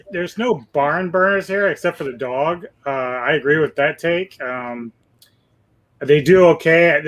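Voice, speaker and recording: A man hosting a casual movie discussion, relaxed and full of "uh" fillers, laughing easily. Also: on the high side, rough recording. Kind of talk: casual movie review chat.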